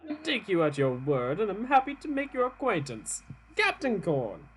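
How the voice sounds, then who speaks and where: A man's voice: high-pitched, wildly swooping pitch, normal speed, fairly bright tone, slight background noise, voice pushed up, full character voice. Guy doing a polite pirate cat captain, careful and formal, voice bouncing up and down as it goes along. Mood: wary, courteous. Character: refined, wary male pirate cat captain.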